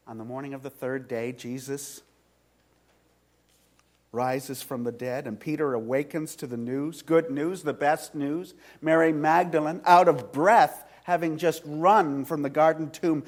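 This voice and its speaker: A male pastor preaching a sermon in a church, retelling a story slowly with dramatic swings from loud to hushed. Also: a little high. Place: church sanctuary.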